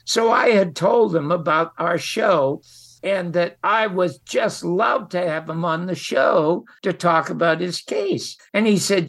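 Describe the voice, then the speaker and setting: Gravelly older man telling stories. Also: high voice, measured pace. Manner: anecdotal, animated retelling with emphatic asides. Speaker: interview guest. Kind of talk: casual storytelling.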